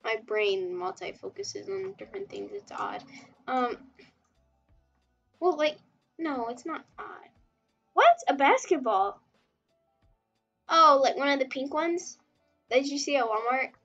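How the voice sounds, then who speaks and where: Brief: high-pitched woman, giggly rambling livestream chat while drawing, slightly muffled, soft music underneath. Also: expressive, unhurried, long pauses. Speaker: webtoon artist streamer.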